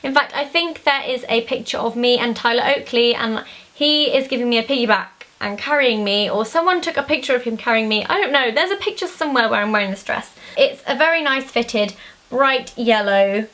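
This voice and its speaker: A woman's voice: fairly high pitch, fairly quick, a bit bright. A young woman, chatting casually and rambling a little as she talks through her favourite things. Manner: chatty, bubbly, rambling with many fillers. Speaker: beauty vlogger. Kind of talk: casual chat.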